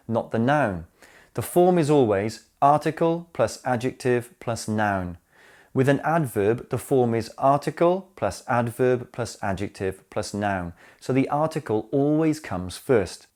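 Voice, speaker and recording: A man narrating a scripted English grammar lesson, explaining slowly and clearly and speaking his examples aloud. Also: medium pitch, a little mellow. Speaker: English teacher.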